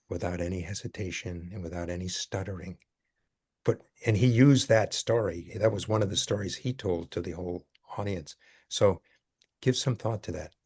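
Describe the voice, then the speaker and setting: Older man, low voice, earnest storyteller. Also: darkish tone, slightly rough. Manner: earnest, halting with many fillers. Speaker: speaker taking questions. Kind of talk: casual storytelling talk.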